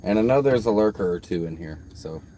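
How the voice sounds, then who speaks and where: A low-voiced man talks loosely to his live stream viewers, rambling from one thought to the next and swearing without a second thought. He is outdoors, with a faint wash of traffic and ambience behind him. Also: lively intonation, fairly quick, mellow. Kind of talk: casual live stream chat. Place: outdoors by his truck at a park.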